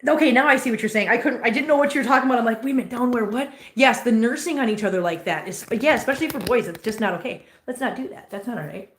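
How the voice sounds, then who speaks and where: A woman hosting a casual livestream from home, chatting with viewers and cooing at her cats in a high sing-song voice. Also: racing, few pauses, reverberant. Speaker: host. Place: home room full of cats. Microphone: laptop mic.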